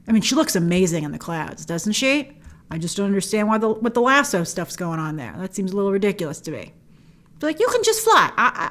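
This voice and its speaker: A woman's voice: medium pitch, a bit bright. A woman hosting a movie trailer breakdown, talking with wry, joking asides. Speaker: movie trailer reviewer host.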